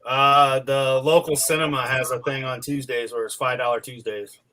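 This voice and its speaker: A man's voice: medium pitch, fairly even intonation, normal speed, crowd noise. A man in his forties, a co-host, chatting casually and rambling with fillers, still tired while recovering. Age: 40s. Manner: rambling, full of fillers and restarts. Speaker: podcast co-host. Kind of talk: casual chat.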